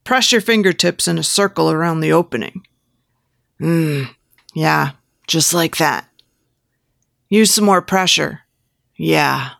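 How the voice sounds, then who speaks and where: A woman's voice: low-pitched, takes it slowly, creaky, pauses often, fairly bright tone, dry recording, clean studio sound, heavily acted. A woman voicing a pushy, lecherous male photographer who coaxes and gives step-by-step instructions in an erotic audiobook. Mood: aroused. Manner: coaxing, giving step-by-step instructions.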